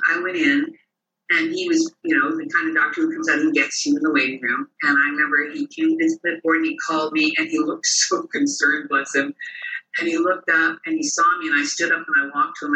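An interview guest speaks a little fast in a mid-range voice, telling personal stories and animatedly taking on the voices of the people in them. The sound is roomy and distant.

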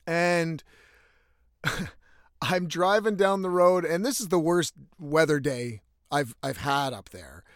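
A man's voice: high voice, no echo, studio quality. A young man telling a rambling, exasperated story in a casual monologue, swearing constantly. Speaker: vlogger.

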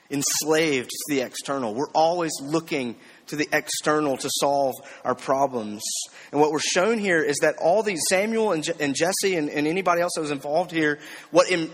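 A man teaching a sermon series preaches conversationally, often checking in with rhetorical questions and slipping in light self-deprecating jokes. His voice is on the high side, fairly bright and husky, with a long reverb tail.

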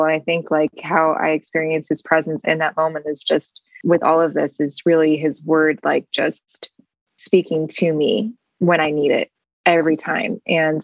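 This is a young woman with a low voice, recorded dry on a video call. She talks about her faith with earnest warmth, rambling and circling back with many fillers. Her emotion sits close to the surface. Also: flat delivery, normal speed, vocal fry, dry recording, low-quality recording. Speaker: guest. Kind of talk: casual faith conversation over video call.

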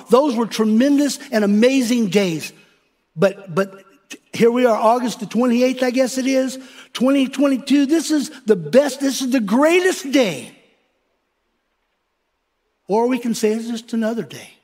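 A middle-aged man preaching a sermon, animated and rambling, acting out quoted people as he tells stories. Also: extremely high pitch. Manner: animated, acts out quoted voices, rambling restarts. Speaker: pastor.

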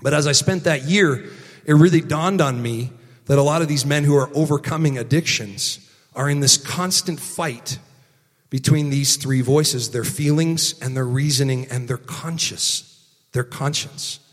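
A man in his forties preaching a sermon earnestly, moving from loud emphasis to hushed, quiet lines. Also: a little high, a little slow, in a large hall. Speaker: pastor.

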